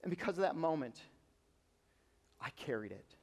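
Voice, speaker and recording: Young man, youth pastor, earnest sermon, high voice, long hall reverb. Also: lively intonation, normal speed, creaky. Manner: earnest, moves between hushed and emphatic. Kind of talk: personal story sermon. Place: church auditorium.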